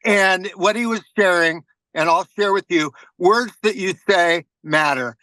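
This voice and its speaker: Bright, high-voiced motivated man. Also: a little slow, no echo, poor audio. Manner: earnest, motivational storytelling. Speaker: meeting participant. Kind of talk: casual sharing in a team meeting.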